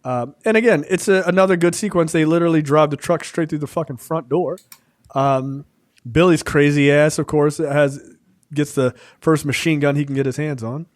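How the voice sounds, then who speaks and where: A man talks through a film review in a loose, chatty way, full of fillers and quick acted-out quotes. His voice sits a little high. The recording is dry and close, with no room sound. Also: no room sound. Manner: relaxed, many fillers, acts out scenes in quoted voices. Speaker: podcast co-host. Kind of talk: casual film review chat.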